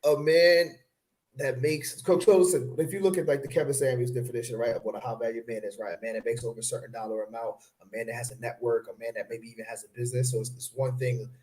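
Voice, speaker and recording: A man's voice: mid-range voice, little pitch movement, quick pace, a little mellow. A man co-hosting a casual podcast discussion, arguing his point with rhetorical questions and frequent "you know what I'm saying.". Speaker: podcast co-host.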